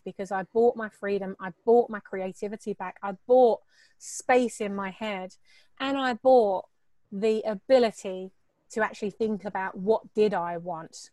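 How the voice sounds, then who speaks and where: With a medium-pitched voice on a dry recording, a middle-aged guest entrepreneur recounts her story frankly and animatedly, cursing and laughing as she imitates the people she's quoting.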